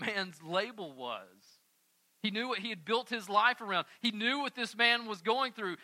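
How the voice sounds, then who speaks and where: A young man preaching a sermon, animated and casual, acting out scripture characters in everyday voices. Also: high-pitched. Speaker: pastor.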